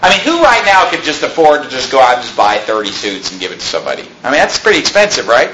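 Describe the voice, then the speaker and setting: A man's voice: mid-range voice, very animated, fast, bright, forceful tone. A man preaching a sermon, retelling a story in a casual, joking way. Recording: echoey room, faint noise.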